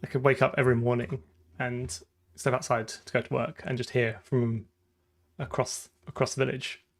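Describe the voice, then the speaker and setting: A man with a southern English accent talks through his code on a live stream. His voice has a gravelly, fry-edged texture at an ordinary middle pitch. He thinks aloud in a loose, chatty way. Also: flat delivery, moderate pace. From southern England. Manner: chatty, thinks aloud while coding, laughs often. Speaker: programming streamer. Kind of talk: casual live-coding chat.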